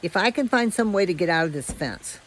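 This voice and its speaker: A woman's voice: on the low side, lively intonation, brisk, a little hiss or hum, natural voice, poor audio. A woman voicing an eager, food-loving young male dog in a told story.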